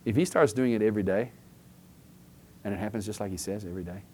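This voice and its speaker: Man, low voice, preacher, chatty sermon, acts out scenes, faint background rumble. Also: fast, warm tone. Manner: chatty, keeps checking in with "okay?" and acts out little scenes. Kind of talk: conversational sermon.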